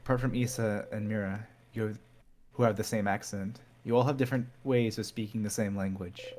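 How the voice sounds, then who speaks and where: A man's voice: on the low side, fairly even intonation, brisk, darkish tone. A man streaming a story game, reading its text aloud in a dramatic way that builds to urgent repetition.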